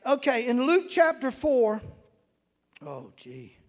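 A man's voice: very high voice, huge pitch swings, takes it slowly. A man preaching a fervent, folksy sermon and reading scripture aloud in a church. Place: church sanctuary. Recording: echoey hall with long reverb.

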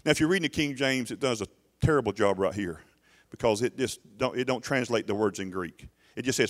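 A man's voice: medium pitch, brisk, hardly any pauses. A middle-aged man preaching a sermon in a church, emphatic and urging, often restarting his words. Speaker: pastor.

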